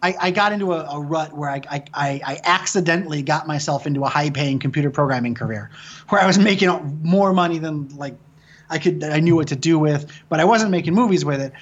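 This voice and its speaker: On a muffled recording, a man on the high side speaks briskly. A Michigan filmmaker in his thirties, he's a guest telling stories in relaxed conversation, cursing a lot, rambling, and restarting sentences often.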